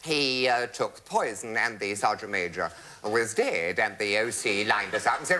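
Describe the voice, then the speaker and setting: A man's voice: normal speed, crowd noise. A man in his fifties, an entertainer telling comic anecdotes to an audience in a flamboyant, camp and theatrical way. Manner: flamboyant, camp and highly animated, swooping into mimicry.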